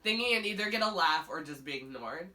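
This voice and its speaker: A woman telling a comic anecdote in an animated, expressive way. Her voice is bright and swoops widely in pitch. She sits a little back from the mic with faint background hiss. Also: quick pace, recorded from a distance. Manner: animated, swings into quoted voices. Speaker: storyteller, podcast co-host. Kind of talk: comic anecdote, casual chat.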